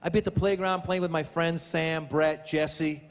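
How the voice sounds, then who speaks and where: A man's voice: a little high, steady tone, normal speed. A man doing a stand-up set, chatty and repeating his punchlines for the crowd. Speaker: stand-up comedian. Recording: big hall reverb, crowd and noise.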